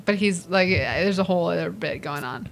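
A woman's voice: lowish voice, lively intonation, moderate pace, creaky. A woman in her twenties co-hosting a podcast, telling a story in casual chat, quoting people and laughing. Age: 20s. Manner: storytelling, with voiced quotes and laughs. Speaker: podcast co-host.

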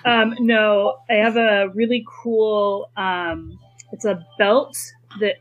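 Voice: medium pitch, steady tone, takes it slowly, no room sound, phone-quality sound. A player chatting casually during a tabletop game, giggly and hesitant.

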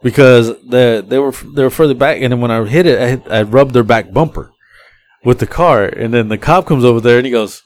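A man's voice: medium pitch, fairly quick. A man hosting a podcast, telling a story casually and profanely, acting out the people he quotes. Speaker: podcast host.

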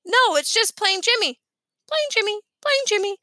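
A woman voicing a shrill exasperated young boy. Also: very animated, normal speed, sharp tone, no room sound, studio quality, full character voice. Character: excitable young boy, fast-talking.

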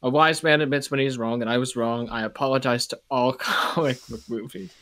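A mock-solemn old film director, put on by a man reading aloud makes a grand apology in a plain, even-pitched voice. The reading is pompous on purpose. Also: brisk, natural voice.

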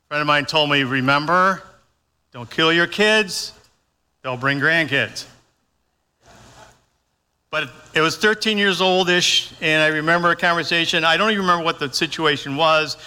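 Older male pastor with a bright, slightly high voice, folksy and conversational, preaching in a church with long reverb. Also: clear, resonant tone. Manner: folksy, conversational, acts out his own lines. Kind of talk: sermon.

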